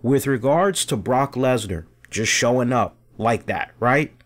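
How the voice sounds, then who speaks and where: A man's voice: medium pitch, a little slow. A man hosting a live-streamed show, talking casually in a rambling way, full of "right?" and "you know" fillers. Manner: rambling, animated, acts out fan reactions in funny voices. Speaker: podcast host.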